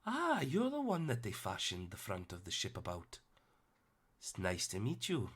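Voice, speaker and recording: A man's voice: on the low side, wildly swooping pitch, normal speed, fairly bright tone, husky, exaggerated voice. A man voicing a red-clad commander who asks questions politely. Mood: puzzled.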